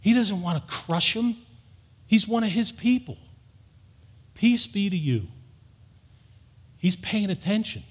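A middle-aged man preaching a sermon with earnest, emphatic delivery. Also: high voice. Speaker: pastor. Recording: long hall reverb.

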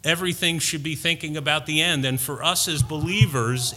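Bright-voiced man preaching in a reverberant hall. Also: on the high side. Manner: slow, deliberate preaching with emphatic builds. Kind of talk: sermon.

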